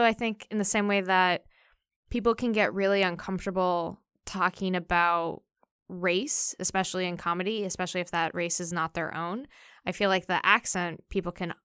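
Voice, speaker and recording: A woman's voice: on the low side, fairly bright tone, smooth, no room sound, clean studio sound. A young woman in casual discussion, thinking aloud and asking herself questions as she talks. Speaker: discussion participant.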